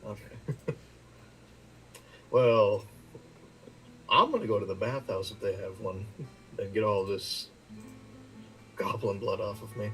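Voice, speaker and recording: A man's voice: fairly low pitch, slow pace, pauses often, fairly bright tone, faint music behind, poor audio. A man playing a tabletop game in casual chat, stammering and laughing often. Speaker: player.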